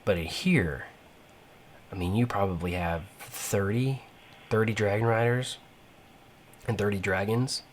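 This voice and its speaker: A man's voice: fairly low pitch, a little slow, long pauses, a little hiss or hum. A man giving rambling, casual gameplay commentary, full of fillers and restarts. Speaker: gaming channel host.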